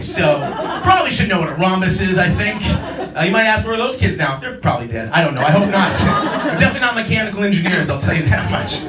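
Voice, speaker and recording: A man in his thirties performing a stand-up set in a comedy club, acting out characters in silly voices. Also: sits high. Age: 30s. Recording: roomy club audio from a distance. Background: audience laughter.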